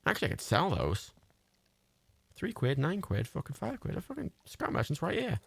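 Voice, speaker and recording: A man giving sweary, excitable, rambling commentary while streaming a game live. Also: a little high, moderate pace, gravelly, husky, no echo.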